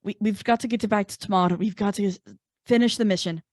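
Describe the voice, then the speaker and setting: A woman's voice: medium pitch, steady tone, a little fast, darkish tone, no room sound, studio quality, close to an everyday voice. A woman voicing an anxious young woman, long held captive, in a put-on Scottish accent, in a tabletop game. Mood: urgent.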